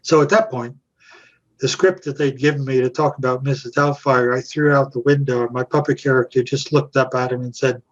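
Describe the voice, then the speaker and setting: An older man, an actor and puppeteer, telling anecdotes as an interview guest, animated and chuckling as he acts out quotes. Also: mid-range voice, brisk, muffled recording.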